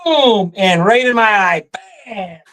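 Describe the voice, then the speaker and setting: A man with a Michigan accent telling a hunting story in a relaxed chat, animated and laughing often. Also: high-pitched, slow, rough recording. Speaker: guest storyteller. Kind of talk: casual storytelling.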